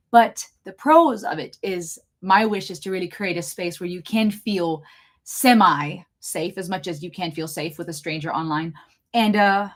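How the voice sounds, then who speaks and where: A young adult woman with a slight German accent, hosting a live Q&A in an excitable, fast-talking, chatty way. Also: lowish voice. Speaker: channel host doing a live Q&A. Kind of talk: casual live-stream chat.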